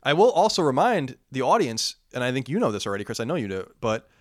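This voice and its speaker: A man talks fast in a casual podcast chat, his pitch jumping around with energy. He reads out listener mail and riffs on it. The sound is dry and close. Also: no room sound. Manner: lively, quick and talkative.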